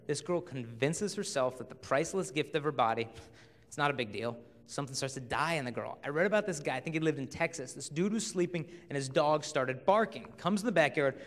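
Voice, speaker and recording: A man's voice: a little high, fairly quick. Man speaking in a reverberant hall. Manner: animated storytelling, acts out quoted voices. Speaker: speaker at a high school assembly. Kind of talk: humorous motivational talk. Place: large school auditorium.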